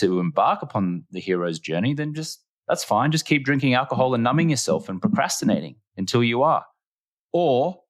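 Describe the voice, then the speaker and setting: A man from Australia with an Australian accent, a podcast guest telling personal stories in an earnest, emphatic way and repeating phrases for effect. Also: lowish voice. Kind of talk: reflective storytelling in conversation.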